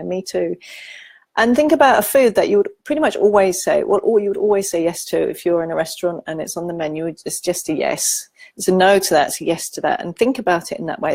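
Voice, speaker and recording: A woman's voice: fairly low pitch, darkish tone, husky, no room sound. A woman psychologist giving a casual spoken lesson to viewers, thinking aloud and speaking emphatically. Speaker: psychologist teaching emotional self-care.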